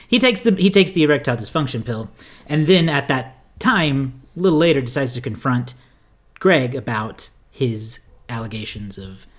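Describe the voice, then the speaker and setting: A man's voice: mid-range voice, expressive, normal speed. A man co-hosting a movie podcast, recapping the plot casually and correcting himself as he goes. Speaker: podcast co-host.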